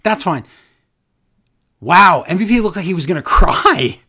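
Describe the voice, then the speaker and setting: Podcast co-host, woman, casual chat, expressive wide-ranging voice, disbelieving asides. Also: on the low side, slightly rough. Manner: animated, incredulous, does quick impressions. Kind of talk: casual wrestling recap chat.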